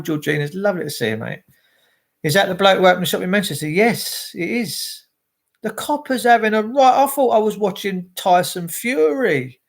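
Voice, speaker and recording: Man, livestream host, animated and ranting, a touch high-pitched. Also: gravelly. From England. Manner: animated, greets viewers by name, ranting. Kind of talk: casual livestream chat.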